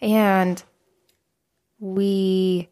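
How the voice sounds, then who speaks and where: A woman's voice: medium pitch, flat delivery, very slow, mellow. A woman co-hosting a podcast, talking frankly and candidly in casual chat, with free swearing. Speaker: podcast co-host.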